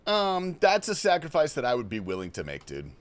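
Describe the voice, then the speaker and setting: Young male streamer from Australia, loose and profane, with a lively, bouncy delivery. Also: a little high, fairly quick. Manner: reads chat questions aloud and answers loosely, swearing often. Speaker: livestream host. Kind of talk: casual gaming stream chat. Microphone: headphones and desk mic.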